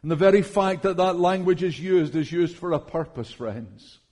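A man preaching a sermon in church, slow and earnest, calling his listeners friends. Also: high-pitched, lively intonation, a little mellow.

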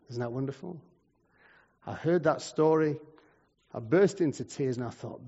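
A man preaching a sermon, telling stories in a conversational way and moving between loud and quiet. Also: fairly high pitch, expressive, normal speed, slightly rough. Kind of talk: sermon with storytelling. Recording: muffled, long hall reverb.

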